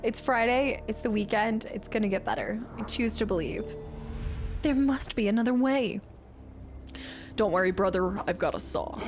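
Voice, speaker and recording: A woman's voice: medium pitch, fairly quick, hardly any pauses. A woman streaming a video game, chatting playfully and silly with her viewers while she plays. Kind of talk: casual live-stream commentary. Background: game music.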